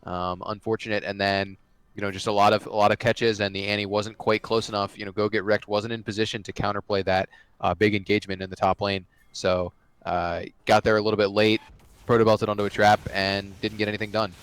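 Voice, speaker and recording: A man's voice: lowish voice, little pitch movement, a little fast, fairly bright tone, clean tone, no echo. A man giving analytical color commentary on an esports match, with many fillers and restarts.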